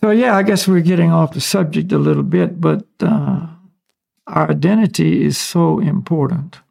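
A man from the United States, a spiritual teacher, explaining ideas in a relaxed, casual conversational way with small chuckles. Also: on the high side, normal speed, vocal fry.

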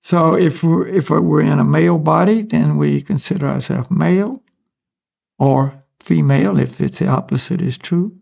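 A man from the United States, a spiritual teacher, explaining ideas in a relaxed, casual conversational way with small chuckles. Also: on the high side, moderate pace, vocal fry.

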